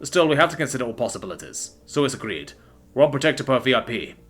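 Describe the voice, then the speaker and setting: A man voicing a commanding army major giving brisk orders with a thickened accent. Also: medium pitch, lively intonation, fairly bright tone, faint music behind. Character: gruff stressed male army major.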